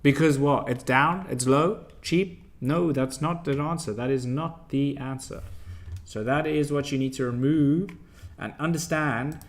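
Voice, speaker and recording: A young man hosting a live stock trading stream, blunt and emphatic, quizzing and scolding his viewers as he reads the chat. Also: a little high. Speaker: stock trading livestream host.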